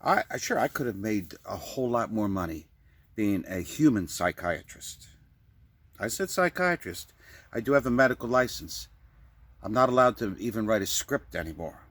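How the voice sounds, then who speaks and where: A man's voice: on the low side, very animated, moderate pace, a bit bright, no echo. A man delivering a rambling, improvised comic monologue, often stammering and repeating words. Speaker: vlogger.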